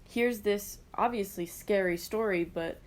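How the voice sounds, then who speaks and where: A young woman with a mid-pitched voice co-hosts a podcast in casual chat. She talks in a teasing, jokey way, full of quick asides. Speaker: podcast co-host.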